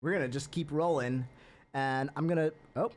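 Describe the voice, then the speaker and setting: Male stream musician, self-deprecating and chatty, slightly high voice. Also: moderate pace. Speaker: guitarist playing song requests on a charity stream. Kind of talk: casual live-stream chat. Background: his own guitar playing.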